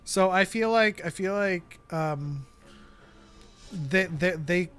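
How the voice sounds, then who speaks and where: A man's voice: sits high, takes it slowly, fairly bright tone, soft background music. A man co-hosting a casual chat podcast, playful and laughing often. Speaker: podcast co-host.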